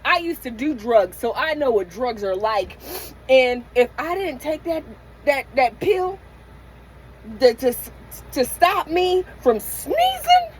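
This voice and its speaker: A woman's voice: a little high, animated, normal speed, slightly rough, rough recording. A middle-aged woman in a candid late-night vlog rant from inside her van, venting emotionally and profanely with many restarts. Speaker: van-life vlogger.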